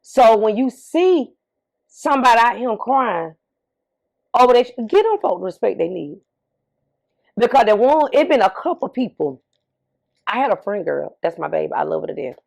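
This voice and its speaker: A woman's voice: a little high, sing-song, normal speed, creaky, pauses often, darkish tone. A middle-aged woman talking candidly as an interview guest, emphatic, often repeating herself and asking rhetorical questions. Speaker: interview guest, bereaved mother.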